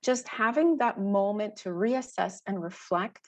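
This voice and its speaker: A teacher giving a webinar talk, telling classroom stories in an expressive, animated way. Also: female voice, mid-range voice, measured pace. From Canada. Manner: animated, expressive storytelling with laughs. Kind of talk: storytelling presentation.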